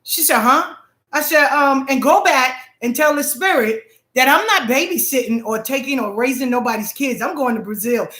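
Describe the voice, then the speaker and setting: Middle-aged New woman, profane and animated storyteller; high-pitched, recorded in a roomy space. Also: moderate pace. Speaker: spiritual practitioner telling a story. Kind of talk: casual storytelling monologue.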